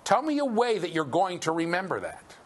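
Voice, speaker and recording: Guy teaching a college class, lively up and down voice, cracks jokes, asks the room stuff, bit of hiss behind. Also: sits high, brisk. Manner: lively, jokey, quizzes the class. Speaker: university lecturer. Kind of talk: classroom lecture. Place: lecture hall.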